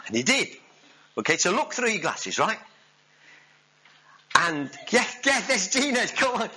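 A male preacher, giving a sermon with animated storytelling and jokes with the congregation. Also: fairly high pitch, normal speed, husky, rough recording.

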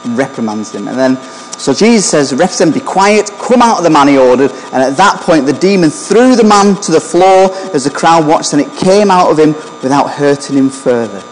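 A man's voice: fairly high pitch, lively intonation, brisk, long reverb tail, slight background noise, low-quality recording. A man preaching a sermon in a conversational way, often asking the congregation questions.

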